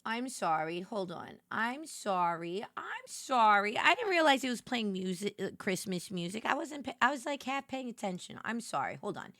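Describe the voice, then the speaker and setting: A woman's voice: on the high side, sing-song, brisk, hardly any pauses, a bit bright, no echo, studio quality. A woman hosting a casual late-night livestream, chatty and giggly, greeting viewers and playfully sassy. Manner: giggly, chatty, reads and answers chat. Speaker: livestream host.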